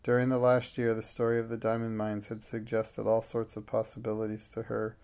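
A man reading a classic novel aloud in a steady, measured narration. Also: fairly low pitch. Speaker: audiobook narrator. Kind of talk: scripted narration.

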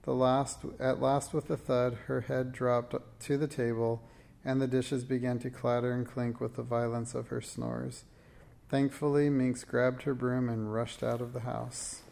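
A man reads a children's storybook aloud at a steady, gentle pace. His voice is mellow and dark with a gravelly texture underneath. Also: mid-range voice, unhurried. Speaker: reader. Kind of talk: storybook read-aloud narration.

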